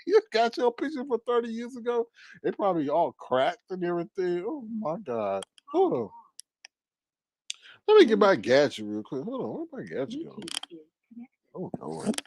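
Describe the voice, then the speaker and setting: A man hosting casual reaction commentary, teasing and animated, breaking into laughs and drawn-out exclamations. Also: on the high side, a little hiss or hum. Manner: drawn-out exclamations like "Lord have mercy". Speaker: commentary channel host.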